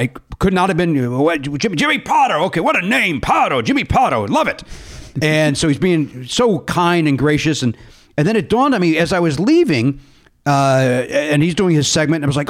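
A man hosting a podcast, telling stories in an excitable, animated way and laughing often. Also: a little high, normal speed. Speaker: podcast host. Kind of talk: casual chat.

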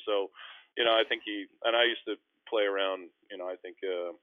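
A middle-aged man from Canada tells stories at a quick clip and acts out the other people in them, his voice sitting on the low side. He is heard over a narrow, phone-like line that is dry and close, with no room sound. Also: no echo. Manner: animated, acts out quoted voices, frequent restarts. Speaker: guest, former pro basketball player. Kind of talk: storytelling interview. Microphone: phone call.

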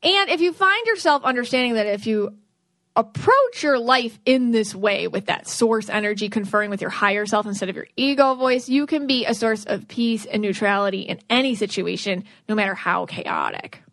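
A woman's voice: a little high, moderate pace, fairly bright tone, dry recording. A woman hosting a podcast, giving spiritual advice in an earnest, rambling way that restarts sentences. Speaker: podcast host, aura reader.

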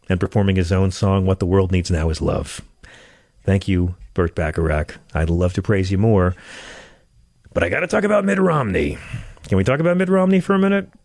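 A man's voice: on the low side, darkish tone, no echo, clean studio sound. A man hosting a comedic political monologue, sarcastic and ranting, stammering as he gets worked up. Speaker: show host.

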